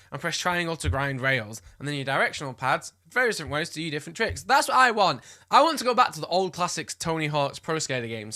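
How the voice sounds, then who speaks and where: A man's voice: sits high, sharp tone. A man chatting casually as a gaming vlogger, enthusiastic and gushing, with playful asides. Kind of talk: casual chat.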